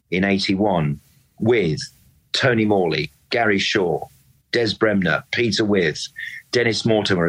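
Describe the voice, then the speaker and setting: Husky low-voiced impassioned man. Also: rough recording. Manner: animated, emphatic, repeats words when worked up. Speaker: football pundit and club fan. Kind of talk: impassioned casual discussion.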